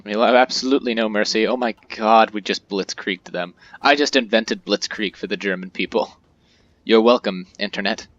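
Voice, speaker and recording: A man's voice: lowish voice, normal speed, fairly bright tone, dull audio. A man casually commentating his own strategy game playthrough, chatty and joking with viewers. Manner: chatty, jokey, reacts aloud to the game. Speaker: let's-play host.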